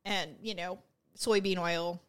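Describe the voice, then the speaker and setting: A woman's voice: lowish voice, steady tone, slow, fairly bright tone, clean tone. A woman from the Bay Area co-hosting a casual podcast chat, complaining with exaggeration about her burning mouth and runny nose. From San Francisco Bay Area. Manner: chatty, exaggerated complaining, laughing. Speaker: podcast co-host.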